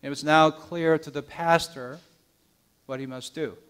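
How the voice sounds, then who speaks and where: A man's voice: fairly high pitch, fairly even intonation, unhurried, clean tone. Earnest man preaching a sermon. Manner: earnest, gentle storytelling with soft hushed endings; small restarts and repeated words. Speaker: pastor.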